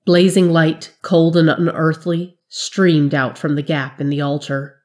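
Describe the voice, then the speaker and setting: A woman with a low voice reads a fantasy story aloud in a measured, dramatic manner. She tells it steadily, as a narrator of fiction. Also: level tone, darkish tone.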